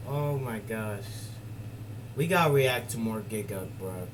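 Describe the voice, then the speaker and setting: Slow-talking, lively streamer guy. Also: on the low side, distant mic, a little hiss or hum, rough recording. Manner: loose, slangy and excitable, laughs a lot. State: out of breath. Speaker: streamer reacting to a video. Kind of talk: casual live-stream chat.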